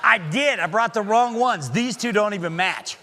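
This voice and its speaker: A man doing comic magic-show patter for children, playful and teasing, calling loudly out to a live audience. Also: high-pitched, expressive, normal speed. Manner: playful, teasing, loud, calls out to the crowd. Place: synagogue sanctuary in front of a live audience.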